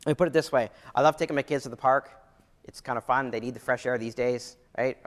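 A man's voice: mid-range voice, fairly even intonation, fast talker. A man in his thirties preaching a sermon in a conversational way, often repeating phrases and restarting sentences. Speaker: pastor. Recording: long hall reverb.

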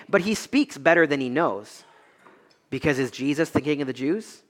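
Young male pastor, high bright voice, emphatic swings from loud to hushed. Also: normal speed, in a large hall. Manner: emphatic preaching, swinging between loud high peaks and low quiet stretches. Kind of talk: expository sermon.

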